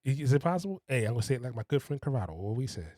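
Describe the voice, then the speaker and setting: A man's voice: medium pitch, very animated, very fast, heavy background noise. A man hosting a podcast, talking casually and with enthusiasm, repeating words for emphasis. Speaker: podcast host. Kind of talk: casual spoken monologue.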